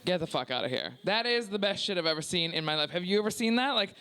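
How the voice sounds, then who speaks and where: A young Canadian woman with a Canadian accent doing a stand-up set in a small comedy club. She is loud and brash, swears freely and teases the crowd. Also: lowish voice, animated, fast. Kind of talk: stand-up set at a work-in-progress preview. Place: small comedy club before a live audience.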